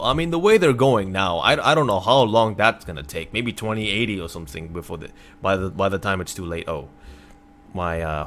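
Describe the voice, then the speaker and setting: A man from North America streaming at his computer, reading a news article aloud and reacting in a casual, exasperated way, sometimes breaking into loud remarks. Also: on the low side, a little hiss or hum. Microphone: computer desk mic.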